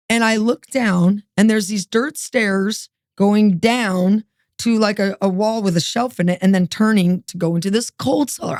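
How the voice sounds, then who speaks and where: A woman as a guest, telling her testimony in a lively, streetwise way and acting out the dialogue. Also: mid-range voice, no echo, studio quality. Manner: animated, acts out dialogue, streetwise. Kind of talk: testimony storytelling.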